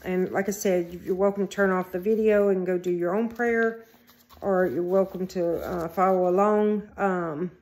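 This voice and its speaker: A woman reading a daily devotional and scripture aloud, then praying, in an earnest and slightly halting way. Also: fairly low pitch, a little mellow. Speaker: devotional vlogger.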